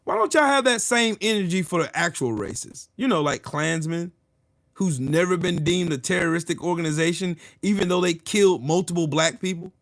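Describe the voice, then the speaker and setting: A man's voice: high voice, animated, fairly quick, a bit bright. A male channel host delivering a ranting commentary, combative and mocking, with heavy profanity.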